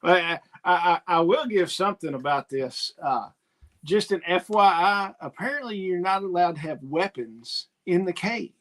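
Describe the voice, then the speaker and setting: A man's voice: sits high, expressive, measured pace, a bit bright. Laid-back man musing aloud. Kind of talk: casual livestream chat.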